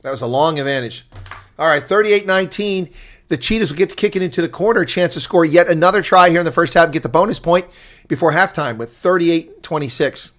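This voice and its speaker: Man, rugby play-by-play commentator, somewhat high voice, calm asides, bursts of excited shouting. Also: a little fast. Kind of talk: live watch-along play-by-play commentary.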